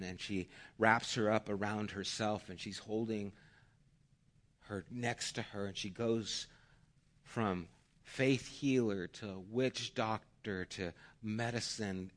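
A man preaching a sermon, telling a parable earnestly with shifting loudness. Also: fairly low pitch. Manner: earnest, dynamic, varied loudness. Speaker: pastor. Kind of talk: sermon with storytelling.

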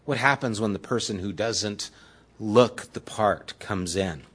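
A man's voice: on the low side, a little slow, a bit bright, breathy edge. A man preaching a sermon as the pastor, retelling scripture in everyday, conversational words.

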